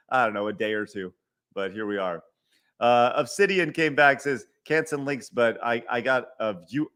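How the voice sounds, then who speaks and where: A man's voice: medium pitch, pushed and bright. A middle-aged man hosting a live stream, reading viewer donations and ranting with exasperation, repeating himself, stumbling over words and swearing. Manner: stutters and restarts often. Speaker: podcast host. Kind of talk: live-stream rant reading super chats.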